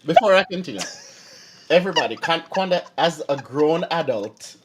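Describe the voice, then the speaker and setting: A man's voice: a little high, animated, normal speed, noisy background. A man co-hosting, telling a travel story in a playful, teasing way and laughing often. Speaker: co-host. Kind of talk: casual storytelling while watching clips.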